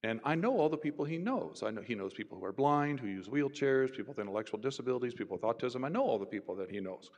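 A man, a university professor, telling stories in an animated conversational way and voicing the people in them. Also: mid-range voice, fast talker, few pauses. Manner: animated, voices others in his stories. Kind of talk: conversational storytelling. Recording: roomy with long reverb.

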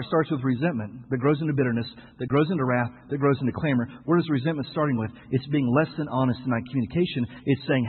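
Husky man preaching in an echoey hall. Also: mid-range voice, fast, hardly any pauses. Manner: emphatic preaching that swings between loud outbursts and quiet asides; rhetorical questions and playful humor. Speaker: pastor. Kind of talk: sermon. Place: church sanctuary. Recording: echoey hall on a tinny lo-fi recording.

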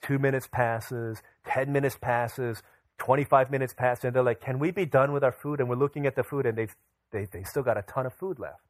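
A man's voice: mid-range voice, brisk, no room sound. A young man pastor preaching a sermon, telling a family story and acting out his children's voices.

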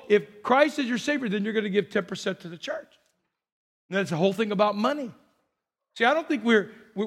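A middle-aged man with a high voice preaches from the pulpit. He asks the congregation questions and has them repeat words back to him. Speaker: pastor. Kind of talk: sermon.

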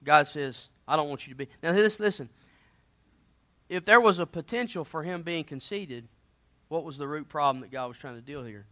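Here a man delivers a conversational sermon, punctuated by loud, emphatic outbursts and quieter asides. His pitch is fairly high and his pace is normal.

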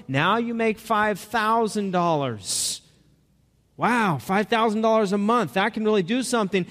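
A man's voice: high voice, measured pace, a bit bright, in a large hall. A man preaching a sermon to a congregation, talking in a conversational way and asking them questions. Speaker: pastor.

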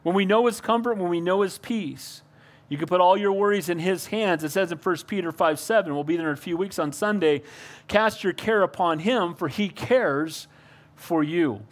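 A man's voice: high-pitched, normal speed. An older man preaching a sermon as pastor, earnest and calling out to the congregation for amens.

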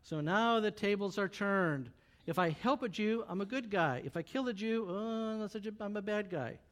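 High-voiced preacher telling a Bible story. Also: male voice, normal speed. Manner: casual, joking, animated retelling. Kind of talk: sermon storytelling.

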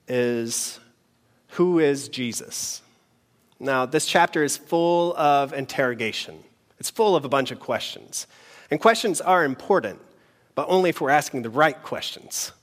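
A man preaching a sermon in an earnest, measured way, pausing between phrases. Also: medium pitch. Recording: long hall reverb.

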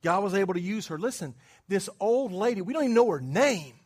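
High-voiced man preaching conversationally. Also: lively intonation, fairly quick, husky. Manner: conversational preaching, quizzing the congregation; swings between hushed asides and loud emphatic bursts. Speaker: pastor. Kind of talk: sermon.

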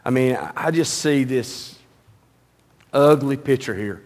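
A male pastor preaching a sermon, reading scripture and explaining it conversationally, swinging from loud and high to low and quiet. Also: measured pace. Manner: animated, rising loud and high when mocking, dropping low and quiet on solemn lines; reads scripture aloud, then explains it conversationally.

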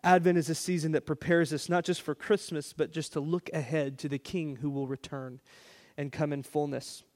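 A man's voice: a little high, fairly even intonation, moderate pace, darkish tone. A man pastor preaching a sermon, telling a family story with playful asides and repeated phrases.

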